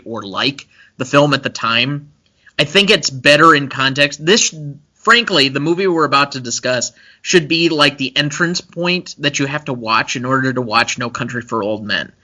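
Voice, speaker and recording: A man's voice: mid-range voice, pushed and bright. A young man co-hosting a casual movie-review podcast, chatty and analytical, with frequent fillers. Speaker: podcast co-host.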